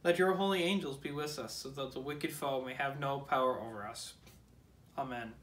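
A man's voice: on the high side, a bit bright. Solemn man leading morning prayer. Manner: measured, solemn reading voice. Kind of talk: liturgical reading and prayer.

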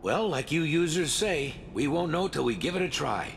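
An earnest program hero with a gravelly edge. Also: male voice, fairly high pitch, lively intonation, normal speed, a little hiss or hum. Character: earnest digital program hero, male adult. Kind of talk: video game voice acting.

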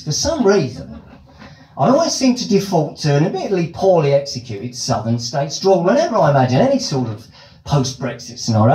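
A man's voice: high-pitched, darkish tone, reverberant, low-quality recording. A British man doing stand-up comedy, telling a long story in elaborate, ironic phrasing on a club stage with a handheld mic.

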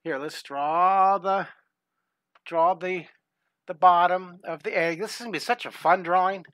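A man's voice: sits high, unhurried, a bit bright, no echo. Upbeat man teaching kids to draw. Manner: upbeat, encouraging, greets viewers by name. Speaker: art teacher hosting a live drawing class. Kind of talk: live-streamed kids' drawing lesson.

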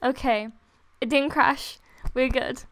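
A young woman giving casual, excitable commentary while playing a game late at night. She is tired but gushing and giggly, and often squeals. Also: sits high, slow pace. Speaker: gaming video creator. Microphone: desktop USB microphone.

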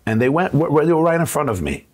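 A man's voice: on the high side, slightly rough. A middle-aged man with a New York accent, a rabbi telling stories in a TV interview, acting out the voices of the people he quotes. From United States. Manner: animated storyteller, acts out quoted voices, quick bursts then slow. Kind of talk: storytelling in a TV interview.

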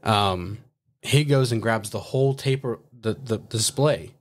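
A man's voice: lowish voice, unhurried. Profane storytelling man. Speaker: former Marine guest. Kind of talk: casual podcast chat.

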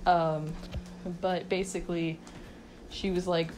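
Teen girl, slightly low voice, sleepy unscripted phone ramble, giggles a lot, faint background hiss. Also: little pitch movement, slow, pauses often, darkish tone, low-quality recording. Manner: giggly, self-mocking, mumbling. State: sleep-deprived, up all night. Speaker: vlogger. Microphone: phone mic.

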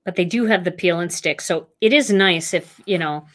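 A woman's voice: on the low side, moderate pace, a bit bright. A woman hosting a live crafting demonstration, chatting with her viewers as she works. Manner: chatty, talks to viewers while working. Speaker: craft show host.

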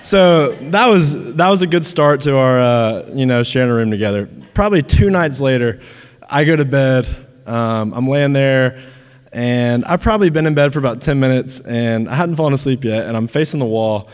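A man's voice: medium pitch, normal speed, smooth, big-room sound. A man in his twenties giving a funny toast as the groom's college roommate, telling anecdotes and laughing between lines. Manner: laughing, animated anecdotes with restarts. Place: large dinner venue.

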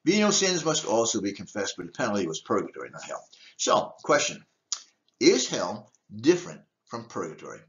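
Older guy deacon preaching, pitch jumps all over, kinda dull lo-fi sound. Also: normal speed. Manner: emphatic, rhetorical questions, lively delivery. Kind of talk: teaching talk on church history.

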